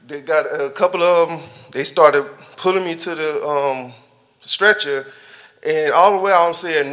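This man's testimony comes across as relaxed and chatty, with frequent chuckles as he addresses his church family directly. A member of the congregation, he has a bright, forceful voice that's a little high, and he talks at a normal pace.

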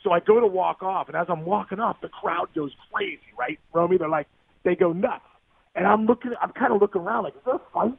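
Fast-talking man on a phone line. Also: high voice, vocal fry, husky, dry recording. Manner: animated, tumbling storyteller with repeated restarts. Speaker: guest, former baseball player. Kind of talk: storytelling in a podcast interview.

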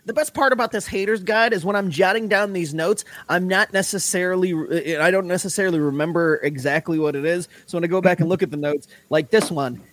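High-voiced laughing man co-host. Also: fairly quick, hardly any pauses, dry recording. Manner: laughing, animated storytelling. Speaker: podcast co-host. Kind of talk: casual sports chat.

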